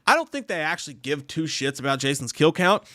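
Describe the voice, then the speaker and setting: Man, live-stream co-host, casual, profane, rambling, slightly high voice, dry close sound. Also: sing-song, a little fast, pushed and bright, no room sound. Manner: profane, rambling, lots of restarts. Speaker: podcast co-host reading live chat.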